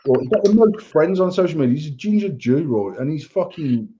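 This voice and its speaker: A man's voice: a little high, lively intonation, fairly quick, mellow, a little hiss or hum. A man co-hosting a podcast, ranting bluntly in casual chat and swearing a lot. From England. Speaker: podcast co-host. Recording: dull lo-fi sound.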